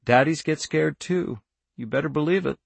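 A man voicing a weary, gentle father. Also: on the high side, normal speed, vocal fry, husky, no room sound, voice pushed up, heavily acted. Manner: soft, murmured, hushed. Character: weary, gentle father comforting his daughter. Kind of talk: audiobook character voice.

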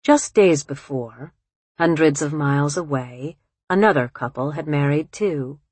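A woman reads a literary story aloud in a low, unhurried voice. Her delivery is measured and even, recorded close and dry with no room sound. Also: slightly rough, no room sound. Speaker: narrator. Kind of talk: audiobook narration.

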